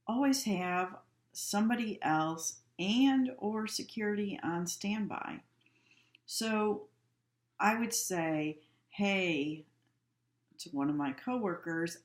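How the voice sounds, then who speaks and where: A woman giving a practical instructional lecture on handling upset patients, calm and practical in manner. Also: on the low side. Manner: calm, practical, acts out example dialogues. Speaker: healthcare instructor. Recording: echoey room.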